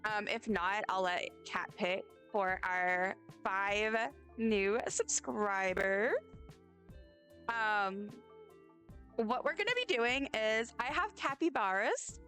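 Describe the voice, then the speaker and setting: In a mid-range voice with a bit of brightness, a young woman rambles effusively during a game stream, often stumbling as she speaks. It's casual live-stream chat, and faint game music plays in the background.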